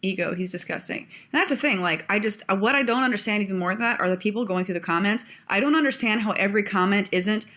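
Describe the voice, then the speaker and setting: A woman's voice: medium pitch, fast, few pauses, bright, forceful tone. Blunt, heated young woman ranting. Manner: blunt, heated, swears freely. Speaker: vlogger. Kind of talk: ranting video commentary.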